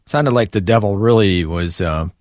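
A male host with a very low voice guides a faith interview, calmly summing up what his guest has shared. His tone is sympathetic and measured, and the recording is dry and close. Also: no room sound.

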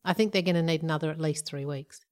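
A woman's voice: deep voice, quick pace. A middle-aged woman co-hosting a podcast, chatting and giggling about snacks. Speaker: podcast co-host. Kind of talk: casual chat.

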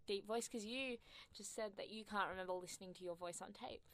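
Woman, young, radio co-host, vocal fry, rambling filler-heavy chat, studio mic. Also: medium pitch, fairly quick, a bit bright. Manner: chatty, trails off with fillers. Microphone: studio microphone.

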